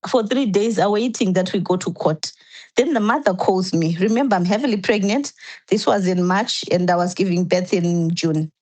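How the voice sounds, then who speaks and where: A woman's voice: medium pitch, moderate pace, a little mellow, poor audio. Earnest woman telling her own story. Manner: earnest, recounts events step by step with restarts. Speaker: podcast guest. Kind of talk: personal storytelling.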